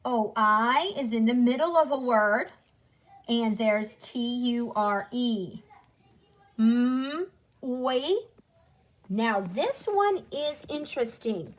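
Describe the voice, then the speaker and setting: A woman teacher giving a recorded phonics lesson to young children, slowly sounding out letters and words. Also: a little high, animated, slight background noise, low-quality recording.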